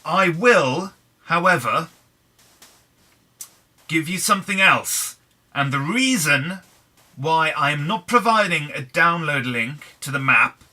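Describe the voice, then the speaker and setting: A man's voice: a little high, bright, forceful tone. An English man giving casual, wry, self-deprecating commentary as he plays Minecraft. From England. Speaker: gaming channel host.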